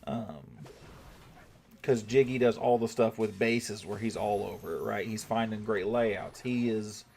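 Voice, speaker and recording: A young man with a fairly low voice talks his way through a strategy game for his chat. He thinks aloud and swears when irritated. A faint hiss sits under the recording. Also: unhurried, gravelly, a little mellow. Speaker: streamer. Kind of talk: casual gameplay commentary to chat.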